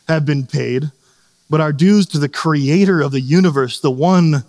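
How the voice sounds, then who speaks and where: A man's voice: fairly high pitch, a little mellow, long reverb tail. A middle-aged man preaching a sermon in a casual, conversational way, often checking in with "right?" and acting out little scenes. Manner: conversational, asks "right?" often, acts out quotes. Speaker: pastor.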